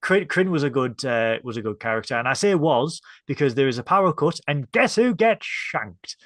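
A man's voice: medium pitch, expressive, a little fast, a bit bright. A man from the north of England, co-hosting a podcast review in casual chat and playfully acting out scenes. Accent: Northern English. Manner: playful, acts out scenes in mock voices. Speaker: podcast co-host.

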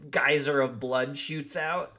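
A man's voice: mid-range voice, steady tone, slow, sharp tone. A man co-hosting a podcast, chatting about a favorite film, laughing often and trailing off mid-thought. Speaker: podcast co-host. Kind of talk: casual movie discussion.

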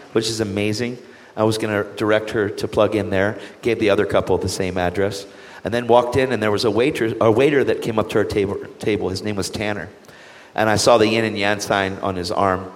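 Animated man telling a testimony. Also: fairly low pitch, long reverb tail. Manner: animated, acts out quoted voices. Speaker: evangelist guest. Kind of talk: storytelling testimony.

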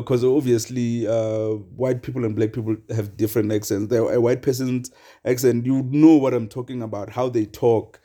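A man's voice: medium pitch, dark tone. A young man hosting a solo podcast, talking casually and rambling with many fillers and chuckles. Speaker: podcast host.

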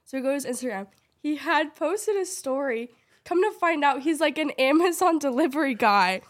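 High-voiced young woman chatting on a podcast. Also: normal speed. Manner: animated, retelling events with quoted dialogue. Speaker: podcast co-host. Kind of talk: casual chat.

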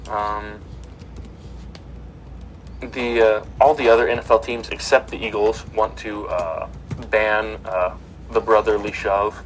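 A man's voice: on the low side, flat delivery, takes it slowly, long pauses, rough recording. A man hosting a casual sports podcast, reading news items with many ums and uhs.

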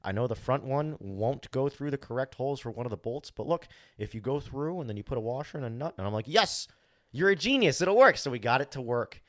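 A man's voice: medium pitch, fast, hardly any pauses, a little mellow, dry recording, clean studio sound. A man co-hosting a podcast, telling a story in casual chat. He talks animatedly, acts out his own thoughts, swears freely and fills with "like". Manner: frequent "like" fillers. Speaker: podcast co-host.

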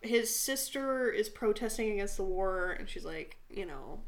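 A woman's voice: mid-range voice, lively intonation, moderate pace, hardly any pauses. A young woman co-hosting a casual podcast, telling stories in a chatty way, swearing freely and acting out the people in them. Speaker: podcast co-host. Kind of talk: casual chat.

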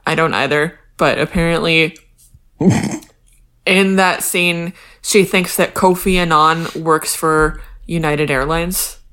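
A woman's voice: deep voice, steady tone, slow, a bit bright, clean tone. Dry-witted woman co-hosting a podcast. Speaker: podcast co-host. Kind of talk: casual chat recapping a TV show.

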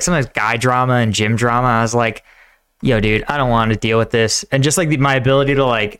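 A man's voice: medium pitch, a bit bright, clean tone. A man hosting a casual podcast chat, talking in a rambling, hesitant way. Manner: rambling, hesitant, many fillers. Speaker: host, combat veteran.

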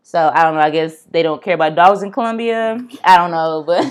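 A woman's voice: on the low side, brisk, clear, resonant tone. A young woman hosting a casual true-crime podcast, chatty and blunt, swearing and turning to her listeners with asides. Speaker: podcast host.

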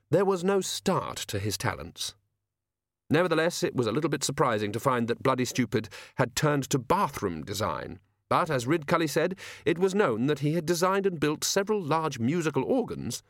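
A man narrating a comic fantasy audiobook in a wry, expressive storytelling manner. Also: medium pitch, no room sound, clean studio sound. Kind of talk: scripted narration.

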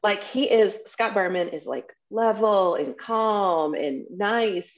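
A woman's voice: medium pitch, slow pace, few pauses. A woman in her forties talking candidly and frankly in a casual conversation. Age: 40s. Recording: dull lo-fi sound.

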